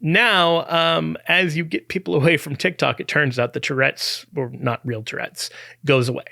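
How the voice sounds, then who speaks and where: A man's voice: fairly high pitch, steady tone, moderate pace, creaky, pushed and bright, dry recording, clean studio sound. A man hosting a talk podcast, explaining an argument in a conversational way with restarts and small chuckles. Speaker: podcast host. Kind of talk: apologetics talk.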